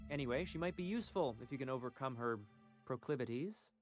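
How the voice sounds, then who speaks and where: A man's voice: mid-range voice, expressive, fast talker, over music, natural voice. An actor voicing a polite, formal and dryly ironic male informant in a video game. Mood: courteous. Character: refined, discreet male town informant.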